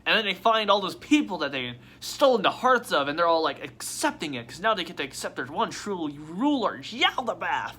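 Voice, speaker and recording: A man vlogging casually at his desk, rambling and excitable with frequent swearing and restarts. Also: sits high, brisk, few pauses. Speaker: toy unboxing vlogger.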